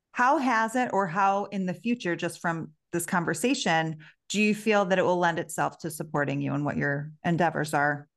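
This woman host has a slightly low voice for a woman. She talks in a reflective, encouraging manner, building her thoughts out loud before she turns them into a question for her guest. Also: normal speed, hardly any pauses. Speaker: podcast host. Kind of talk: casual interview conversation.

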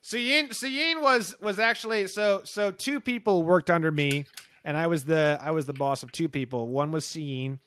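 Profane, animated man with a dry sound. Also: a little high, normal speed, no room sound. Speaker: podcast host. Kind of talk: casual chat.

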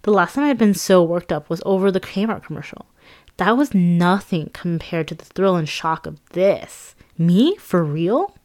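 Lively woman narrating her memoir. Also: fairly low pitch, normal speed. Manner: conversational, lively, self-mocking. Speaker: author reading her own memoir.

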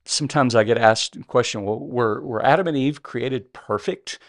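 A man's voice: mid-range voice, normal speed. A man co-hosting a Bible teaching podcast, speaking earnestly and often restarting his sentences. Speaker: podcast co-host.

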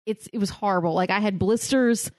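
A woman's voice: medium pitch, fairly quick, a little mellow, no room sound, studio quality. A woman co-hosting a podcast, chatting casually with crude jokes and frequent laughter. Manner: crude, joking, laughing often. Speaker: podcast co-host. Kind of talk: casual chat.

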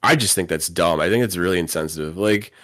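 A man's voice: sits low, fast, a bit bright, no room sound. A man co-hosting a casual podcast chat, rambling and swearing freely, now and then acting out mocking voices. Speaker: podcast co-host.

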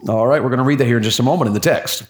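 This is a man preaching. He keeps it folksy and encouraging, voice of middling pitch, and keeps pulling answers from the people in the room. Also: very fast. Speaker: pastor leading a class. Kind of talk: interactive sermon.

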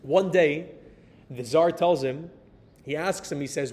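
An American man telling a story in a sermon as a Torah teacher, animated and dropping in Hebrew and Yiddish words. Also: slow. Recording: reverberant hall with faint rumble.

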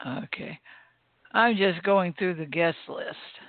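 A woman's voice: lowish voice, slow, no room sound. A chatty woman co-host chimes in and corrects others on a casual podcast. Her voice sits close and dry. The sound is tinny, like a phone line.

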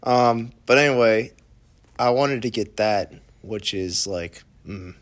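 A man's voice: fairly low pitch, slow. A young adult man hosting a podcast, chatting casually and acting out his own lines as he tells a story. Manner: animated storyteller, acts out his own quotes. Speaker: podcast host. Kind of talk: casual chat.

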